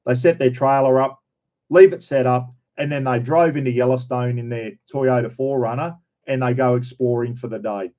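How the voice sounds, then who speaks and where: A middle-aged livestream host with an Australian accent speaks in a steady, mellow, mid-range voice at a moderate pace. He greets viewers and reads their names in a casual chat, rambling, repeating himself, and peppering in "everyone" and "bloody."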